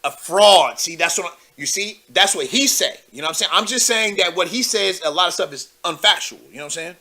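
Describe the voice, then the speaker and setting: A man's voice: high-pitched, animated, brisk, bright, forceful tone. A young man hosting a live call-in show, commenting loosely with lots of fillers and asides to viewers. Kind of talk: casual political commentary.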